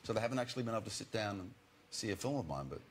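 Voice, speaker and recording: A man's voice: on the low side, animated, very fast, slight background noise. A man in his forties, an actor guest on a chat show, telling wry, jokey stories in a loose, casual way.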